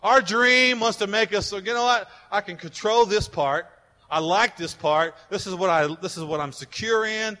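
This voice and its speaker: A man preaching a fervent sermon as pastor, building to loud declarations, recorded in a church with long reverb. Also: sits high, moderate pace. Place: church sanctuary. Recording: long reverb of a large hall.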